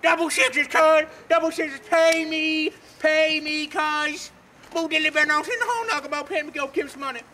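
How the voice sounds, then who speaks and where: A man's voice: extremely high pitch, steady tone, moderate pace, bright, forceful tone, slight background noise. A young man playing a swaggering, boastful cowboy gambler in an amateur student film, trash-talking in a put-on western drawl. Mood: gloating. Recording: echoey room, far from camera mic.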